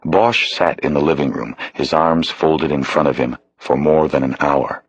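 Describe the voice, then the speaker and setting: A man narrating a crime thriller audiobook in a measured, steady way. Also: very deep voice, slightly rough, no room sound, highs cut off. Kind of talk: scripted narration.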